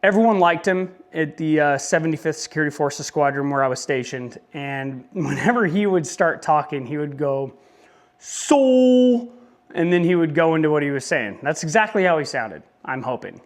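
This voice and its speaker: A man's voice: on the high side, brisk, few pauses. A young man talking casually in a motorcycle vlog, rambling with joking asides. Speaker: motovlogger.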